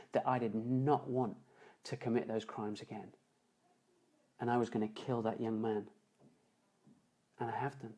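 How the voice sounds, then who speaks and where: A man voicing a soft forgiving mother. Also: medium pitch, lightly acted. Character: grieving middle-aged mother, calm and forgiving.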